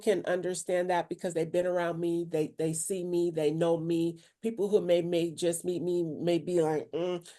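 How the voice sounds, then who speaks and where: A woman's voice: fairly low pitch, level tone, moderate pace, few pauses, mellow. A woman preacher co-hosting a casual faith podcast, speaking firmly and with authority. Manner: firm, assertive, speaks with authority. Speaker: preacher, co-host.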